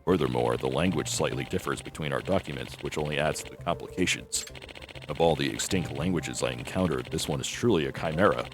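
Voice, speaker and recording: A grave, formal professor, as voiced by a man reading a game aloud. He speaks slowly and deliberately in a deep register. His tone stays serious and measured. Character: grave middle-aged male folklore professor.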